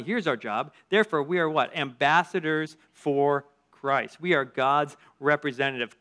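A man leading a church group, giving a lively sermon with storytelling asides and strong shifts of emphasis. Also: a little high.

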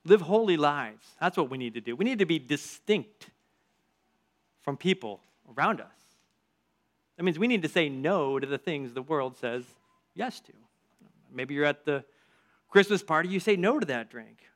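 Energetic man preaching a sermon. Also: fairly high pitch, moderate pace, long pauses. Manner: energetic, varied emphasis, storytelling asides. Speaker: church group leader.

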